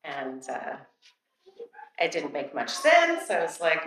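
A woman's voice: sits low, wildly swooping pitch, takes it slowly, a bit bright, a little hiss or hum. A woman telling her church about a prayer time, casual and hesitant with many fillers, reading a scripture aloud. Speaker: church member sharing a testimony. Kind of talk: testimony to a church. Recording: very echoey, distant from the mic.

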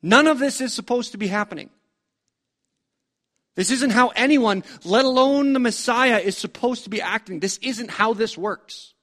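A man with a fairly high voice preaching a storytelling sermon. He sounds conversational and keeps posing rhetorical questions to his listeners. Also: normal speed, bright, forceful tone.

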